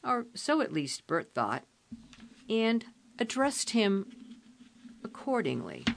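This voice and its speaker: A woman narrating a storybook in a measured, steady way. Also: fairly high pitch, gravelly, a little hiss or hum. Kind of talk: storybook reading.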